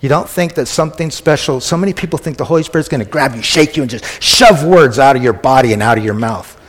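A man's voice: medium pitch, fast. A man preaching a conversational sermon who often asks the congregation questions. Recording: echoey hall.

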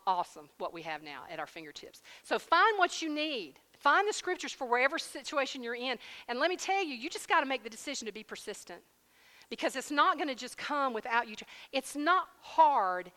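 A woman preaches with a bright, fairly high voice. She tells her story in a lively, conversational way and calls her listeners y'all. Her voice rings with the long reverb of a hall. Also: moderate pace. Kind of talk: sermon testimony and prayer.

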